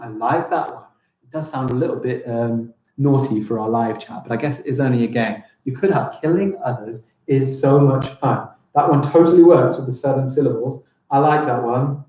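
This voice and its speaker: A man's voice: mid-range voice, dark tone. Upbeat man teaching in an echoey classroom. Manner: enthusiastic, encouraging, reads lines slowly aloud. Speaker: primary school teacher. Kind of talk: live-streamed lesson.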